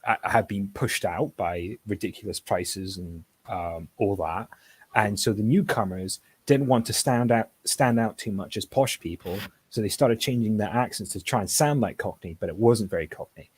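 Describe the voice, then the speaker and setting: A man on a casual online panel chat who talks haltingly, with lots of restarts. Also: lowish voice, breathy edge. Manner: hesitant, many restarts.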